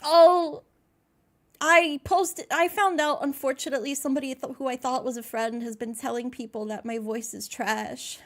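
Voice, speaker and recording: A woman's voice: sits high, steady tone, moderate pace. A woman streaming live and chatting with viewers, gushing and slangy, teary as she holds back happy tears. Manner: gushing, slangy, says dude and bro a lot. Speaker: VTuber streamer.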